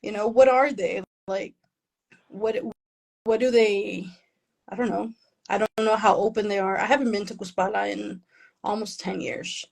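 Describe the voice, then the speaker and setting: A woman's voice: medium pitch, fairly even intonation, normal speed, gravelly, pauses often, slightly rough, low-quality recording. A woman author being interviewed, talking casually and with self-deprecating humor, laughing often and slipping Spanish phrases into her English. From Mexican family, raised in the US.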